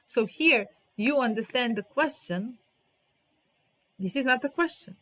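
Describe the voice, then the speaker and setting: A woman's voice: fairly high pitch, animated, fairly bright tone. Patient woman teaching grammar. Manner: patient, repeats example sentences slowly; talks to viewers in the chat by name. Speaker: English teacher. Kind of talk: live-streamed grammar lesson.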